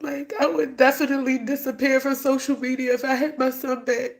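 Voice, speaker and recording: A woman's voice: high-pitched, level tone, fairly quick. A woman talking casually to viewers on a livestream. She is blunt and profane and swings between scorn and grief. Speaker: livestreamer, grieving mother.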